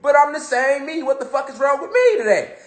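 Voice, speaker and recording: High-voiced man preaching in an echoey room. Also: brisk. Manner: animated, streetwise and profane, with rhetorical questions. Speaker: spiritual speaker. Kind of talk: casual motivational talk.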